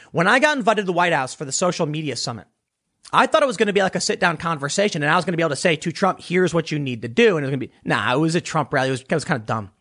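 A man's voice: a little high, pushed and bright, slightly rough. A man ranting as a political commentator, sarcastic, dismissive and blunt. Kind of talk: casual opinion rant.

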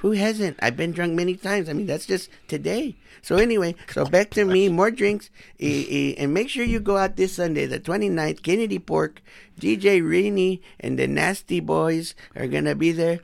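Comedic bit: a man putting on a boozy, bossy old granny, loud and teasing, high and gravelly, dry close sound. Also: normal speed, dry recording. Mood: rowdy. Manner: teasing, boozy, loud, sprinkles in Spanish words. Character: rowdy tipsy old grandmother, bawdy and bossy. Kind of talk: comedic improv character bit.

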